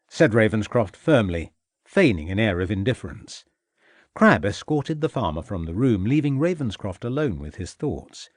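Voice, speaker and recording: Expressive male audiobook narrator. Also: on the low side, moderate pace, dry recording, clean studio sound. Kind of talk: scripted narration.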